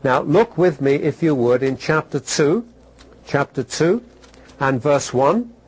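A man's voice: fairly high pitch, animated, slow pace, a little mellow, husky, low-quality recording. A man preaching a sermon to a congregation in a conversational way, asking rhetorical questions and telling stories. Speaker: pastor.

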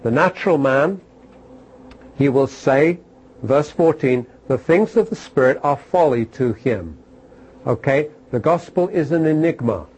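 Husky-voiced male preacher. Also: medium pitch, a little mellow, poor audio. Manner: repeats phrases for emphasis, asks listeners questions. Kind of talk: sermon.

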